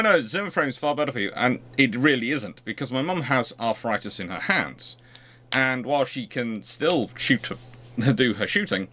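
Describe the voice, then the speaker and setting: A man's voice: fairly low pitch, pushed and bright. A man hosting a livestream, chatting casually and rambling with frequent restarts. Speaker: host.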